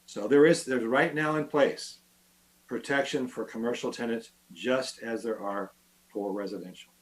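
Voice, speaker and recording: A man of average pitch explains rules to a council in a steady, plain way. He speaks like a meeting member laying out facts. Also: normal speed, a little hiss or hum, low-quality recording.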